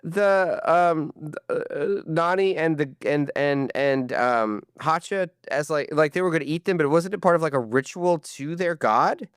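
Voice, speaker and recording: A podcast panelist in casual chat, animated and cursing, often stumbling and restarting sentences. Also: mid-range voice, unhurried, hardly any pauses, clear, resonant tone, no room sound, clean studio sound.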